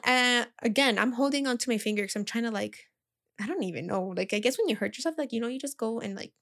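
A woman's voice: fairly high pitch, gravelly. A young woman and teacher telling a chatty, casual story with lots of fillers.

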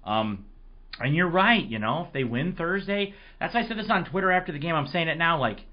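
Hoarse, excitable male sports podcaster. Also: on the high side, fairly quick, lo-fi sound. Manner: rambling, excitable storytelling. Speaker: podcast host. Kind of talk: casual sports podcast monologue.

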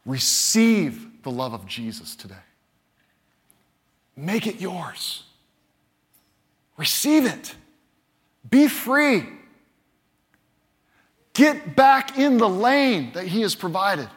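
A man with a high voice preaches from the pulpit. His delivery is animated, and he acts out the voices he quotes. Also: drawn-out words, pauses often, slightly rough. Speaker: pastor. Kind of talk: sermon.

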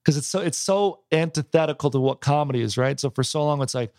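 A man's voice: on the high side, quick pace, darkish tone, no room sound, studio quality. A comedian in his thirties, tired from little sleep, chatting casually and rambling with lots of restarts and "bro" and "dude". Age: 30s. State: tired, yawning. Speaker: stand-up comedian. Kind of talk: casual podcast chat.

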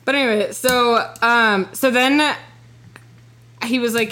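A woman's voice: a little high, steady tone, normal speed, bright, forceful tone. A woman in her twenties telling a personal story on a podcast, rambling and filling her talk with "like" and swearing. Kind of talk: casual storytelling.

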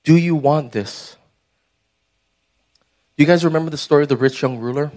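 A man's voice: a little high, moderate pace, a little mellow. A young man preaching a sermon as pastor, conversational and emphatic, putting direct questions to the church.

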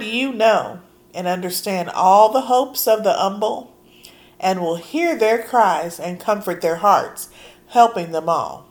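Hoarse woman preaching, slow and earnest. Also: lowish voice. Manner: earnest, conversational, reads scripture aloud with emphasis. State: hoarse from allergies. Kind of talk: sermon.

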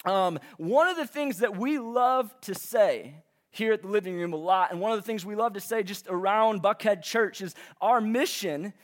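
Young man in his twenties, high voice, casual preacher, rambling and self-deprecating. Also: moderate pace. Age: 20s. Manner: chatty, self-deprecating, many fillers like "like" and "um". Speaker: young adult ministry speaker. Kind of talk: casual sermon opening with stories and announcements. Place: church auditorium before a live audience.

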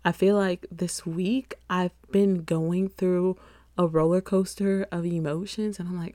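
A woman's voice: lowish voice, fairly even intonation, slow pace, long pauses, warm tone, no echo. Chatty rambling young woman podcaster. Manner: rambling, chatty, laughs often, self-deprecating. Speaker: podcast host. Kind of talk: casual solo podcast chat.

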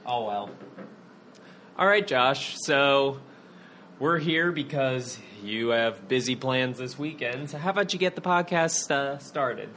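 A man's voice: mid-range voice, lively intonation, slow, a bit bright, a little hiss or hum. A man co-hosting a casual podcast, blunt and opinionated, laughing often. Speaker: podcast co-host.

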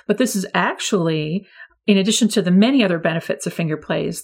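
A woman's voice: lowish voice, creaky. A woman early childhood educator explaining classroom methods to other teachers in a friendly, instructive way. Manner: friendly, demonstrates voice levels with lively examples. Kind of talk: teacher training talk.

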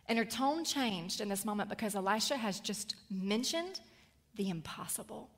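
A woman's voice: mid-range voice, normal speed. Woman preaching in a reverberant hall. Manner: animated storytelling, acts out the characters. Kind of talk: sermon.

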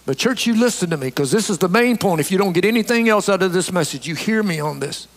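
A man's voice: high-pitched, animated, fast, big-room sound. A man preaching a sermon as pastor to his church, reading scripture and urging honesty.

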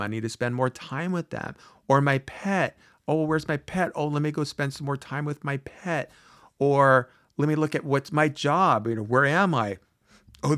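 A man's voice: medium pitch, a bit bright, dry recording, studio quality. A man hosting his own podcast, talking earnestly in a rambling, reflective way with many restarts. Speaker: podcast host. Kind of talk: solo podcast monologue.

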